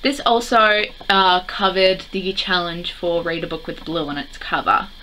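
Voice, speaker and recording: A woman's voice: lowish voice, steady tone, measured pace, pushed and bright, slight background noise, rough recording. A teenage girl chatting casually to camera as a book vlogger, rambling along with lots of "like" fillers.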